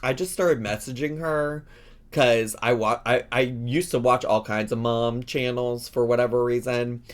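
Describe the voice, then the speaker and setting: A young man with a Southern Illinois Midwestern accent chatting casually in a reaction vlog, sassy and playful with big jumps up in pitch, talking around a cough drop while getting over a lingering cough. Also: fairly even intonation, measured pace. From Southern Illinois, USA. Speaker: YouTuber host.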